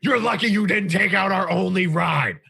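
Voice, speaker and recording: A man voicing a brash tabaxi impostor in a cultist's robes, blustering and swearing as he shouts down guards. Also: high voice, measured pace, creaky, husky, voice pushed up, heavily acted. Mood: indignant.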